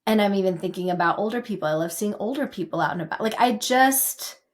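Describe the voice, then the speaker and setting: A woman co-hosting a podcast in casual chat, talking in quick, animated bursts as she reflects. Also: medium pitch. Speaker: podcast co-host.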